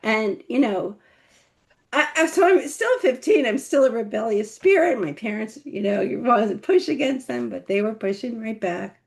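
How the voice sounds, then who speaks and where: A middle-aged woman with one paralyzed vocal cord, a memoir author telling her life story in an interview, animated and laughing. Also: a little high, moderate pace, vocal fry. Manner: animated, laughing, acts out quoted voices.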